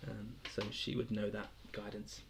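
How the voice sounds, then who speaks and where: A man's voice: lowish voice, flat delivery, moderate pace, vocal fry, background noise. A young man casually hosting a weekly livestream quiz, rambling between questions and chuckling often. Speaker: quiz host.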